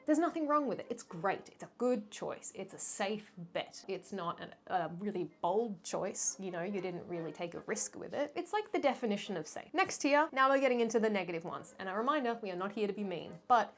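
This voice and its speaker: A young woman vlogger chatting casually, playful and self-mocking, with animated asides. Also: mid-range voice, fairly quick, hardly any pauses. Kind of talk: casual chatty fashion ranking.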